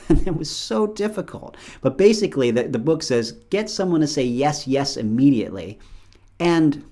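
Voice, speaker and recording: A man's voice: mid-range voice, expressive, fairly quick, a little mellow. A middle-aged man hosting his show, talking casually and alone, acting out bits of dialogue with playful voices. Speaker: show host. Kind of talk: casual solo monologue.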